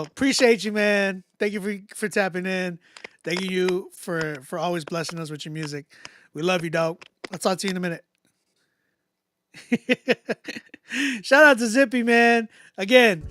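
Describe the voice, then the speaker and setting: A man hosting a live music critique stream, talking in a casual, animated way, often laughing and repeating himself. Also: high-pitched. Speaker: livestream host critiquing music.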